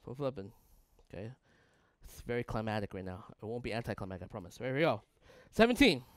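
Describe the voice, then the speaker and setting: A man's voice: lowish voice, animated, quick pace, fairly bright tone, no echo, clean studio sound. A male pastor preaching a sermon in a conversational way, asking his listeners rhetorical questions and building long emphatic lists.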